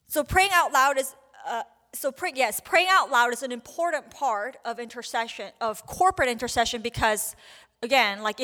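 Woman teaching prayer in an echoing hall. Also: a little high. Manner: casual, animated, acts out little prayers and quotes. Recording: long hall reverb.

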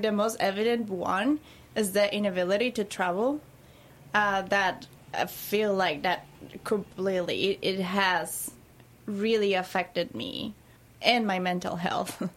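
A woman speaks as a guest on a chatty podcast. Her voice sits at a middle pitch. She answers thoughtfully and loosely, often laughing as she talks. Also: a bit bright. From Colombia. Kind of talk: casual chat.

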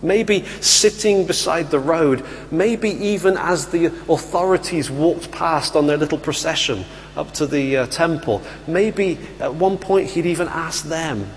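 A man preaching a sermon, telling the story in a lively way and acting out the voices of the people in it. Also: fairly high pitch, a little slow. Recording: hall reverb with faint hum.

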